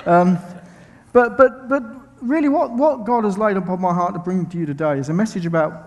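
Man, London accent, preacher, fairly high voice, long church-hall reverb. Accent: English, London. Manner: chatty, self-mocking, many ums and restarts. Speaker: visiting preacher. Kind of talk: sermon with friendly asides. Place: church sanctuary.

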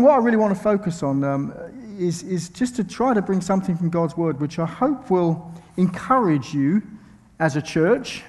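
A man's voice: high voice, in a large hall. A man with a London accent preaching a sermon as a visiting speaker, chatty and self-mocking, with many ums and restarts. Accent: English, London. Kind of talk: sermon with friendly asides. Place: church sanctuary.

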